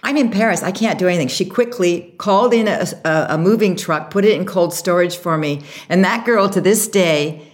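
Lively woman telling an animated story. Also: lowish voice, normal speed, hardly any pauses. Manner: animated storyteller, acts out quotes. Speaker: guest, makeup artist and brand founder. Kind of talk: interview storytelling.

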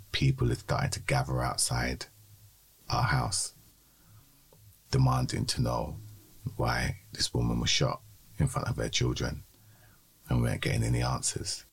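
A man with a strikingly deep voice and a husky, breathy edge. He co-hosts a podcast, telling his story in a measured, steady way. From London. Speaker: podcast co-host. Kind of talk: personal testimony in a podcast conversation.

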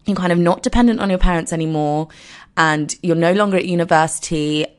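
A woman in her twenties with a croaky voice, hosting her podcast in a chatty, self-deprecating, rambling way. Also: on the low side, fairly quick. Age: 20s. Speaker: podcast host. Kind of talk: casual solo podcast intro.

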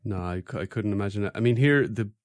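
A man hosting a podcast, talking in a relaxed, easygoing way in a casual chat. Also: fairly low pitch, fast, dry recording, clean studio sound. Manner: relaxed, easygoing, laughs along. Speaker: podcast host.

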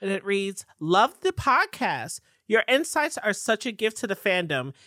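A woman's voice: mid-range voice, very animated, a little slow, pushed and bright, dry recording, studio quality. A woman co-hosting a casual fan podcast, chatting with enthusiasm and reading listener mail aloud. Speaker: podcast co-host.

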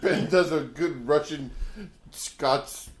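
A player at a tabletop game who throws in wisecracks with a drawn-out delivery. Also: medium pitch. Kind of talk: casual tabletop game chat. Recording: echoey room, faint noise.

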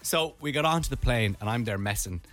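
A man's voice: medium pitch, animated, fairly quick, a bit bright. A young Irish man hosting a radio show, telling a funny travel story in casual chat and acting out voices. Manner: playful storyteller, acts out voices. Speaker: radio host.

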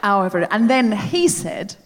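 Animated woman on a reverberant stage. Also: mid-range voice, a little slow. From Australia. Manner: animated, self-mocking storytelling. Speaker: podcast host. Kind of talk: live comedy banter. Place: theatre stage. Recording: long theatre hall reverb.

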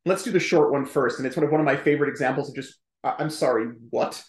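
A man speaking as a historian guest on a podcast, explaining at length in a chatty, emphatic way with quick asides. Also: mid-range voice, reverberant. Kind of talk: conversational podcast interview.

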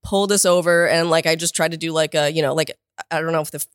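A woman's voice: low voice, steady tone, fast talker, clean tone, no room sound, studio quality. A woman guest on a podcast telling a story in casual chat. She laughs often, swears freely and acts out other people's lines.

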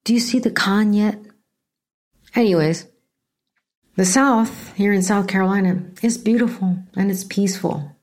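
A woman's voice: mid-range voice, measured pace, long pauses, a little mellow. A middle-aged woman from California hosting a podcast, giving blunt, profane and sarcastic political commentary in a casual way. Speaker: podcast host.

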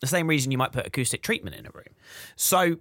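A man's voice: mid-range voice, sing-song, fast talker, a bit bright, dry recording, studio quality. A young man co-hosting a podcast, explaining things patiently and step by step in casual chat. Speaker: podcast co-host.

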